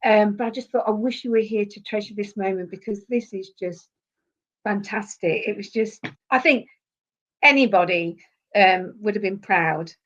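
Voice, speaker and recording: A woman talking with heartfelt feeling as a podcast guest, often circling back over her words. Her voice sits in an ordinary middle pitch. The recording sounds a little dull. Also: normal speed. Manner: heartfelt, repeats herself when moved. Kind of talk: emotional interview conversation.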